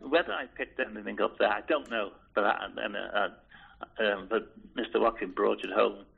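Elderly male interviewee, deep gravel in the voice, halting and repetitive reminiscence over a tinny phone-like line. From Liverpool, England. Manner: hesitant, restarts and repeats words, chuckles softly. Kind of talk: oral history reminiscence.

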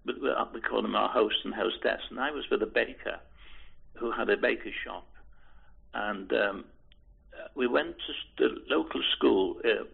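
Gravelly older man, tinny phone-like recording. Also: fairly low pitch. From Liverpool, England. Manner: halting, hesitant, many restarts and repeated words. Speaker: oral history interviewee. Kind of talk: reminiscing in an interview.

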